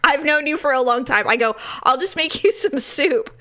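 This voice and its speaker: Animated woman telling a story. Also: sits high, moderate pace. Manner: animated storytelling, mimics her husband, laughs often. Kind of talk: casual chat.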